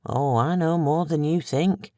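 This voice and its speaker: A narrator voicing a calm, quiet man. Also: medium pitch, no room sound, clean studio sound, lightly acted. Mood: measured. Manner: quiet, measured, sympathetic. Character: calm, compassionate man under pressure. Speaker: audiobook narrator voicing a character.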